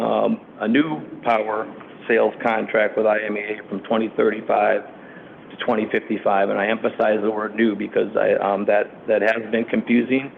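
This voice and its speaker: Man presenting with a gravelly, tinny sound. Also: lowish voice, slight background noise. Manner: steady with frequent ums and uhs. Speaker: city staff presenter. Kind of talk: formal presentation to a council committee. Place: council meeting room. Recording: tinny lo-fi meeting audio.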